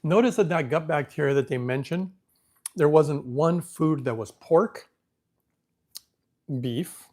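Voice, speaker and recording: His voice sits on the high side with a darkish tone, and he speaks slowly with long pauses. He's a man running a casual live question-and-answer stream, reading viewer questions off the screen, thinking aloud and sounding self-assured.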